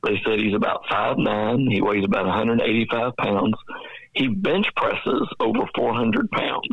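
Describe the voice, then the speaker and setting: A man's voice: medium pitch, husky, no echo, highs cut off. A Texan man in his fifties, a nonprofit executive director, earnestly telling his life story in a podcast interview. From Dallas, Texas. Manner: earnest, reflective storyteller who acts out past dialogue.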